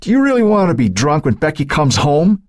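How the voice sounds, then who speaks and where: A stern, growling husband, as a narrator voices him answers in short, hard retorts. His low voice has a husky, dry edge, like a reading from a thriller audiobook. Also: sing-song, brisk, a little mellow, dry recording, exaggerated voice. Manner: gruff, curt retorts.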